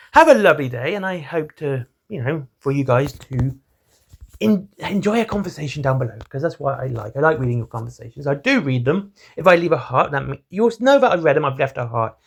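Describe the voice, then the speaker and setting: A man hosts his own channel and talks straight to camera. His voice sits a little high for a man. He delivers it all in a self-described monotone and wanders from point to point. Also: fairly quick, gravelly. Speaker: hobby channel host. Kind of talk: rambling solo commentary.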